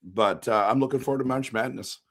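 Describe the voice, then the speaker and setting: A man with a hoarse, worn-out voice hosting a casual live-stream post-game show, rambling, answering chat and breaking into excited outbursts. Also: medium pitch, brisk. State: hoarse, voice shot.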